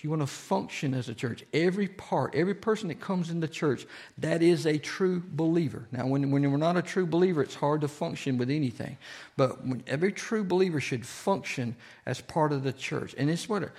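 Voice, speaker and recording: A man's voice: on the high side, a little mellow. Man preaching a sermon. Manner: conversational, asks the congregation questions. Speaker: pastor. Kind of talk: sermon teaching.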